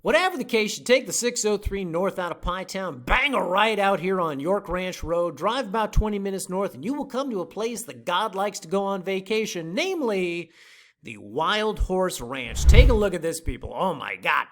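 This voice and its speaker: Lively jokey woman pitching land. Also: moderate pace. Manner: playful, jokey, emphatic. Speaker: land sales company host. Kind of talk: scripted promotional voice-over.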